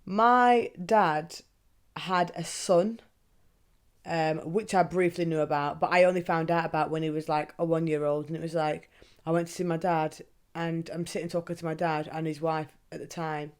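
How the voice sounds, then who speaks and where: A young woman hosting a podcast, talking casually and candidly, swearing freely and asking herself questions out loud. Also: sits low, fairly even intonation, normal speed, smooth. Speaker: podcast host. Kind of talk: casual monologue.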